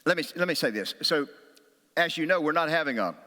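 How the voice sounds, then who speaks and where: A middle-aged pastor delivers a sermon, his bright, forceful voice carrying a long hall reverb. He preaches through stories and acts out quotes, sometimes raised, sometimes whispered. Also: a little high, lively intonation, fairly quick. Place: church sanctuary.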